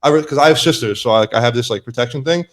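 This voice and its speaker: A young man hosting a podcast, telling a story with animated energy and loudly acting out what was said. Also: medium pitch, rapid-fire. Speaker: podcast host. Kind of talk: casual chat.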